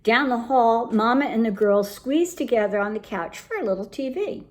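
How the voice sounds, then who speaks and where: A woman reading a children's picture book aloud in an expressive, lively storytelling manner. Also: fairly high pitch, normal speed, hardly any pauses.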